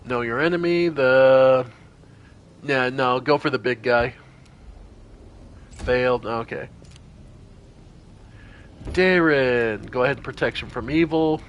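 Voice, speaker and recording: A man streams a strategy role-playing game, casually talking through each party member's turn aloud with animated exclamations. His medium-pitched voice moves slowly with frequent pauses, and a little hiss or hum is audible.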